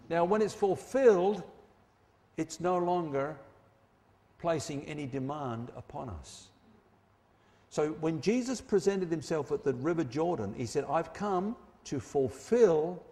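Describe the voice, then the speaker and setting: Emphatic preacher man in a reverberant hall. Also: mellow. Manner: emphatic, slows and drops low on key phrases. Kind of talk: sermon.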